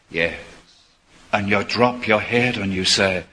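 An older man preaching a sermon, moving between quiet, confiding asides and ringing, emphatic proclamation. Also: on the low side, a little slow. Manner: swings from soft confiding asides to emphatic declamation. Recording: long hall reverb.

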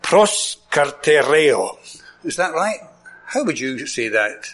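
A man's voice: fairly high pitch, very animated, unhurried, bright, forceful tone, husky. A man with a Scottish accent preaching a sermon, enthusiastic, repeating words for emphasis and chuckling often.

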